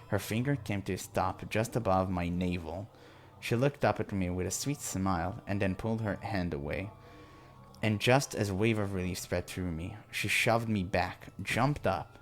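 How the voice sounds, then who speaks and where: A man narrating a visual novel in the first person during a playthrough, reading steadily and earnestly. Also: low-pitched. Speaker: let's-play narrator.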